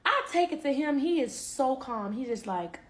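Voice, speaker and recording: A woman's voice: high-pitched, animated, normal speed. A woman telling a personal story casually to a live-stream audience, chatty and direct. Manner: chatty, addresses listeners as y'all, quotes others.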